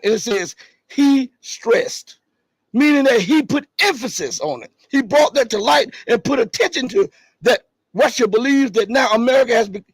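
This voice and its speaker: A man hosting a live stream, reading articles and viewer chat, pressing his points hard and then dropping low and casual. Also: slightly rough, no room sound. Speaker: livestream host.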